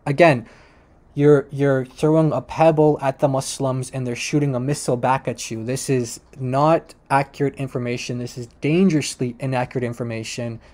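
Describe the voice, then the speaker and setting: A man's voice: medium pitch, fairly even intonation, moderate pace, darkish tone. A man commentating on a video clip he plays, making critical points with emphatic repetition. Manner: emphatic, repeats points for stress.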